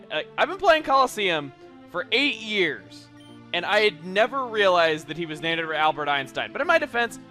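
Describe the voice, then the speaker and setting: High, bright-voiced punning game commentator man. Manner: punning, self-mocking, bursts into shouts. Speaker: let's play commentator. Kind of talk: comedic video game commentary.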